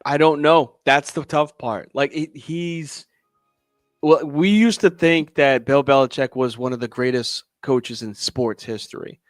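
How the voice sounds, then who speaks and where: Animated man co-hosting a sports podcast. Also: mid-range voice, a little slow, no room sound, studio quality, soft background music. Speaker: podcast co-host. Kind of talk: casual sports chat.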